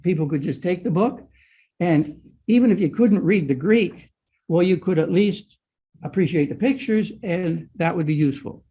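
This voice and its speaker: An older man leads a guided lecture on an old manuscript, explaining it step by step and often checking in with listeners with a "right?" His voice sits high and breathy with a dark tone, and he speaks at a moderate pace.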